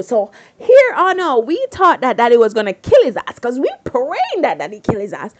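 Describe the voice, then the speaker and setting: A woman casually retelling a drama in a dramatic, slangy way with excited asides. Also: high-pitched, normal speed, hardly any pauses. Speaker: storyteller recapping a drama.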